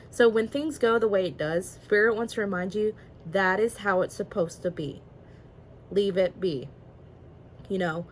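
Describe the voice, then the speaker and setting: A woman's voice: medium pitch, darkish tone, slight background noise, poor audio. A woman casually reading tarot cards aloud, chatty and rambling, with frequent fillers and giggles. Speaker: tarot reader.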